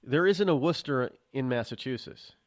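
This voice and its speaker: A man's voice: medium pitch, lively intonation, normal speed. A man hosting a casual talk show, rambling with many restarts and fillers as he tells stories. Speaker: host. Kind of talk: casual chat.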